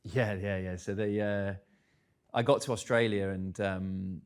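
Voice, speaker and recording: A man's voice: lowish voice, steady tone, a little slow, smooth. Candid man telling stories. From England. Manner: candid, anecdotal, self-deprecating. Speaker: guest speaker. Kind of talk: live on-stage conversation. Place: live event stage.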